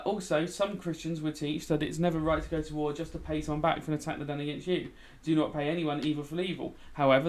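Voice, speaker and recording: A man teaching a casual revision lesson while building in a game, chatty and tired, checking in with "okay?" a lot. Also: on the high side. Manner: chatty, frequent "okay?" check-ins, talks while typing. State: tired, yawning.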